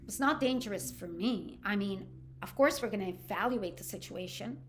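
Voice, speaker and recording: An older woman from Canada who hosts a podcast and tells a personal story in an earnest, halting way, with restarts and acted-out quotes. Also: mid-range voice, noisy background. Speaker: podcast host.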